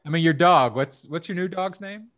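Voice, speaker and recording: A man's voice: fairly high pitch, moderate pace, fairly bright tone, no room sound. Man in casual chat, dry close sound.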